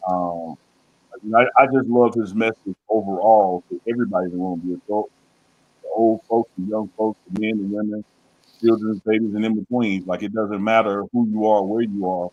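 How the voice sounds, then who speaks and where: Animated man ribbing his co-host. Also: on the low side, moderate pace, dull audio. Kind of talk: casual sports talk show.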